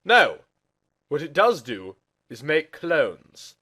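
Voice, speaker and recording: A man voicing a smug know-it-all male detective who lectures in a loud, condescending way. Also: fairly high pitch, big pitch swings, slow pace, pitched above the performer's own voice, exaggerated voice. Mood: lecturing.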